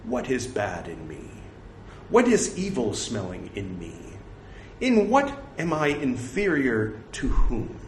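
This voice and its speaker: An angry, insulted woman, read by a man in a scripture recital piles up indignant accusations. The pace is slow and the pitch moves freely. A faint hiss and a ringing room sit behind the voice. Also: huge pitch swings, roomy sound, full character voice.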